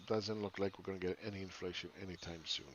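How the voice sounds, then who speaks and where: A man's voice: deep voice, fairly even intonation, quick pace, dull audio, a little hiss or hum. A man giving casual, rambling live chart commentary as a market analyst, often asking "right?".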